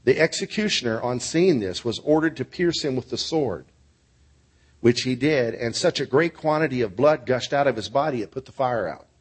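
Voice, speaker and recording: Man, pastor, sermon, earnest storytelling, mid-pitched voice. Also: lively intonation, moderate pace, husky. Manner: earnest storytelling preacher, ending in prayer.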